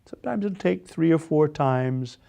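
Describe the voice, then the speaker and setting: A man's voice: fairly high pitch, lively intonation, normal speed, gravelly, dark tone. A man leading a guided voice exercise class, patiently coaching and demonstrating yawns and sung tones. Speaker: voice and speech exercise instructor.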